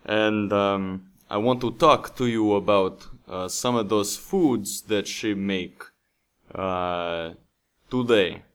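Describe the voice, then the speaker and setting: A hesitant Russian fellow with a thick put-on accent, as a man puts him on, pausing and trailing off between words. His voice sits a little lower and quieter than the speaker's own, and he speaks slowly. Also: clean tone. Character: Russian man recalling grandmother's dacha cooking.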